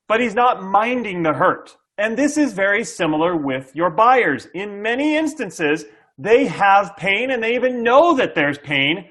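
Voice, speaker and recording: A man's voice: high-pitched, fairly bright tone. A middle-aged man, a sales coach, explaining sales tactics to an interviewer with energy, acting out buyer dialogue and often checking in with "okay?". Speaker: SaaS sales coach, guest.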